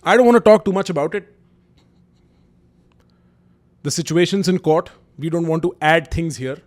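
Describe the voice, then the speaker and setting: Here a young man with an Indian English accent, a YouTube host, talks fast in a slightly high, darkish voice. Addressing the camera, he tells candid personal stories with emphasis, mixing in Hindi kinship words and slang.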